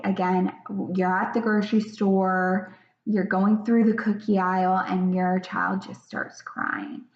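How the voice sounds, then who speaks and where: Slow, hesitant woman in an echoey room. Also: medium pitch. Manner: hesitant, many fillers and restarts, acts out parent quotes. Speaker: presenter explaining a parenting concept. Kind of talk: informal explanatory talk. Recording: echoey room, slightly dull sound.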